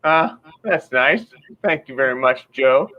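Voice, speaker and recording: A man hosting a live video-call interview who speaks haltingly with many fillers and reads out viewer comments. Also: medium pitch, lively intonation. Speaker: host. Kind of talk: casual live-stream interview. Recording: dull lo-fi sound.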